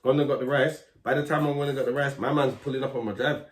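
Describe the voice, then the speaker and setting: A man telling a lively story in casual street slang, acting out the voices of people in it. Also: mid-range voice, fast. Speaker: guest, grime MC. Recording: roomy echo.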